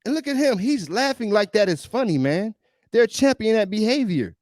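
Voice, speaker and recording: A man's voice: high-pitched, expressive, fairly quick, a little mellow, dry recording, studio quality. A male podcast host giving emphatic, preachy reaction commentary on a video, often repeating himself.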